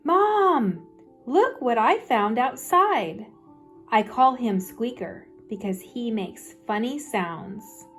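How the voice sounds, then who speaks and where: A woman voicing an excited young girl bear, sweet and pleading, in a storybook read-aloud with faint music behind. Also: slow pace, heavily acted. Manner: high, eager and pleading.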